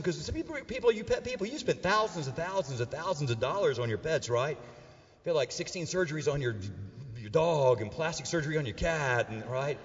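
A middle-aged male pastor preaching a sermon to a live church crowd, joking with them and swinging between loud bursts and hushed, earnest stretches. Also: a little high, lively intonation, fairly quick, big-room sound, dull audio. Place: church auditorium with a live audience.

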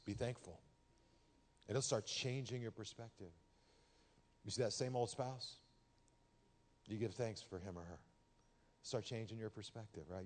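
A man from Texas, a pastor preaching a sermon in a conversational, humorous way that turns loud and animated when he tells stories. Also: fairly low pitch. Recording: long hall reverb.

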